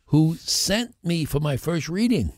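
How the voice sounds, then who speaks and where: An older man, a guest actor on a podcast, telling lively anecdotes and acting out the voices of the people in them. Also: a little high, measured pace, dry recording, studio quality. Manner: animated anecdotes, acting out the other voices in his stories. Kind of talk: podcast interview storytelling.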